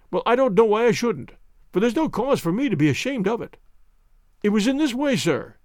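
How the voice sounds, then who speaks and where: A man's voice: high-pitched, no echo, clean studio sound. A man reading an audiobook, voicing a bitter, hunched old ex-soldier who talks in agitated outbursts.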